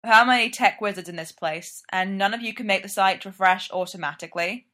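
A woman voicing a steady, dry young businessman friend, calm and wry. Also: mid-range voice, fairly quick, natural voice.

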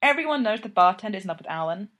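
A man's voice: high-pitched, expressive, racing, fairly bright tone. A woman voicing a drunk, cheerful young college guy who talks playfully and boastfully.

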